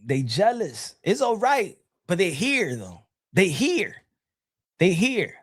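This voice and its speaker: A man streaming boxing commentary, talking to his chat in an animated, teasing, repetitive way with frequent laughs. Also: high-pitched, slow pace, breathy edge.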